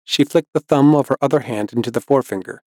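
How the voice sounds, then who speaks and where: A man narrating a story in a steady, even scripted reading. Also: mid-range voice, fast, no room sound. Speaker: audiobook narrator.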